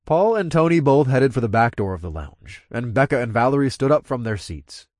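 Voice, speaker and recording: Guy narrating an audiobook, first person, lots of pitch movement, dry. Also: big pitch swings, fairly quick, darkish tone, no echo.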